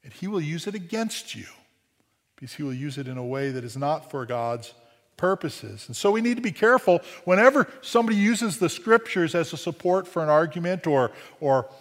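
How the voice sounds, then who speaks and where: A man's voice: fairly high pitch, lively intonation, a little fast, long reverb tail. A man preaching a sermon in a conversational way, often asking "right?" and restarting phrases, with dry humor. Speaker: pastor.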